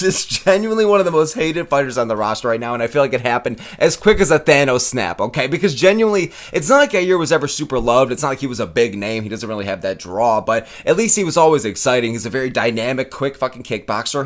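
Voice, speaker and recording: A man rattling off opinionated commentary at a brisk clip, in a voice pitched right at an ordinary male middle. He swears freely and leans hard on emphasis, punching points with a quick "okay?". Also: lively intonation. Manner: profane, emphatic, keeps tacking on "okay?". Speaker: MMA commentary YouTuber. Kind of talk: casual ranting commentary.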